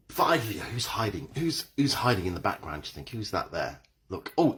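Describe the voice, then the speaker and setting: A man's voice: on the low side, fairly bright tone. A middle-aged man, leading a live-streamed exercise class and cheerily greeting viewers by name. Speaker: fitness instructor.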